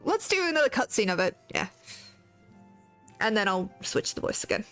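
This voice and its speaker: A woman's voice: mid-range voice, very animated, normal speed, a bit bright, soft background music. A young woman streaming a game, making giggly, self-mocking asides between cutscenes. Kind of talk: casual game commentary.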